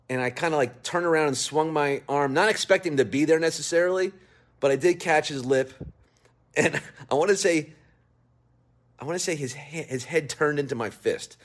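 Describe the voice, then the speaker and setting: A man of middling pitch tells stories in a loose, rambling way. He pokes fun at himself as he answers questions in a casual video message. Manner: rambling, self-deprecating, jokey. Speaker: guest recording a video message.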